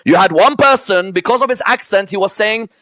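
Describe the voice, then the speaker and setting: A man's voice: high voice, bright, forceful tone, no room sound. A man giving a religious history lecture to a live audience, often asking rhetorical questions and checking in with "yes?" and "correct or no?". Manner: lists items one by one in a slow, emphatic way.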